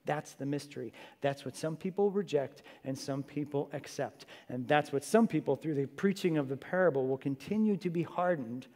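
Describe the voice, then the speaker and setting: A man's voice: a little high, normal speed, few pauses, darkish tone. A man preaching a sermon in an earnest, conversational way, with casual asides to the congregation. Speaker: pastor. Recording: reverberant hall.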